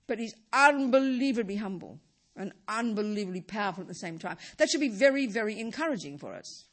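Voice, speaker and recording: A husky woman delivers a dharma talk with a lively, rising and falling voice. She presses her points with repeated words and restarts, then lets them settle low and soft. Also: brisk. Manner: lively pitch, drops low and soft at phrase ends. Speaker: Buddhist teacher.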